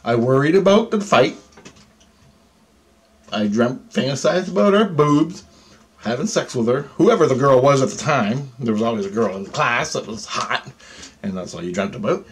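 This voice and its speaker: A man telling a story about alien contact, swearing heavily, agitated and animated. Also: medium pitch, normal speed, a little hiss or hum. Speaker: self-described alien contactee. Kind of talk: storytelling monologue.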